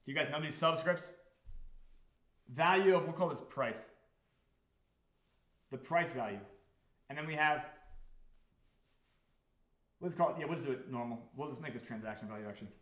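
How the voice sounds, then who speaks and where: A man's voice: medium pitch, moderate pace, pauses often, a bit bright, echoey room. A man hosting a live stream, talking casually to chat and swearing freely. He repeats himself and keeps asking the audience whether they follow. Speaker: crypto project founder hosting a live stream.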